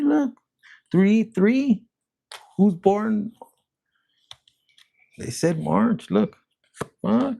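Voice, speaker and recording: The speaker is a male tarot reader whose voice is rough and husky yet a bit high. He talks through the reading in a meandering way, cursing constantly and perking up with excitement as cards are drawn.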